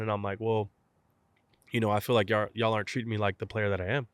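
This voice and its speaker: A man's voice: on the low side, fast talker, smooth, no echo. A young man, a guest from South Texas, casually telling a story in an interview and acting out both sides of old conversations. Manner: animated storyteller, acts out both sides of phone calls. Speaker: guest, professional baseball catcher.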